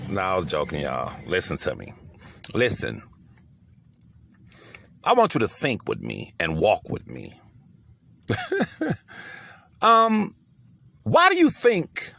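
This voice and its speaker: A middle-aged man with a Southern US accent delivers heated, preachy commentary in a gravelly voice. He talks slowly and emphatically, his pitch swinging widely. The sound is dry and close. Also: a bit bright, dry recording. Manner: emphatic, preachy, repeats words.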